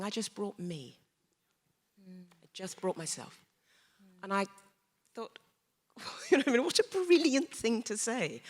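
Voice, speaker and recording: Animated woman telling stories with reverb. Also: medium pitch. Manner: animated storyteller, acts out quoted dialogue. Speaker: stage actor on a panel. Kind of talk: panel discussion. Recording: long reverb.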